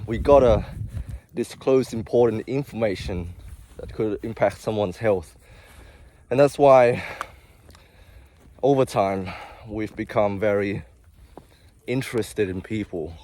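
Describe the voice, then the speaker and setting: A man's voice: on the low side, mellow, slight background noise. Breathless, rambling young man vlogging. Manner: rambling, confessional, chatty with asides. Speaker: vlogger, healthcare worker. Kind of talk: casual talking-to-camera vlog.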